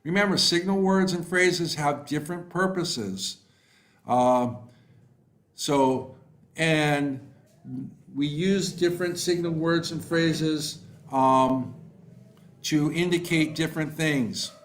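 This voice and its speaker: Unhurried, encouraging male online tutor. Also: a little high. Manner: encouraging, praises students by name, unhurried with fillers. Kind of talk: live online class, reading chat replies.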